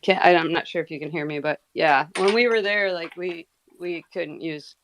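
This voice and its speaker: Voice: medium pitch, normal speed, a bit bright, slight background noise. A friendly speaker asking the hosts questions in a casual live chat.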